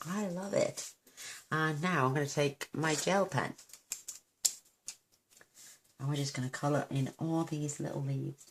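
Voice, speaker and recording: A woman from the United Kingdom demonstrating card making, soft-spoken and mumbling to herself, gushing over her work. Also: low-pitched, steady tone, a little slow, pauses often, background noise. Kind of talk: crafting tutorial.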